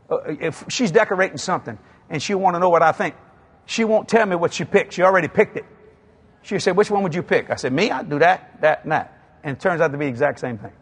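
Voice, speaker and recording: A man in his sixties with a Cajun South Louisiana accent, telling humorous stories in a sermon and acting out both sides of conversations. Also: on the high side. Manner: animated, acts out both sides of dialogues, chuckling asides. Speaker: preacher.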